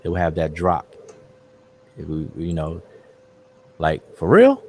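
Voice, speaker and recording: Very deep-voiced man hosting a discussion. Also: completely flat delivery, takes it slowly, darkish tone, slight background noise. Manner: loose, repeats words, many fillers. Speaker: host of an online study group. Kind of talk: casual discussion.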